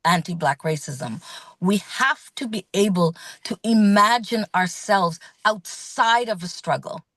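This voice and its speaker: A woman speaking as a guest in an earnest, measured, thoughtful way. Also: medium pitch, fairly bright tone, no echo. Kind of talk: reflective talk.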